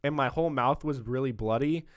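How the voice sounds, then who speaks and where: A young man hosting a podcast in casual chat, relaxed and swearing freely as he tells stories. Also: mid-range voice, fairly quick, no room sound, clean studio sound. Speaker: podcast host.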